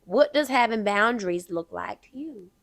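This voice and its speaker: A woman hosting a casual podcast conversation, playful and quick to joke and laugh. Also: on the high side, expressive, a bit bright. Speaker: podcast host.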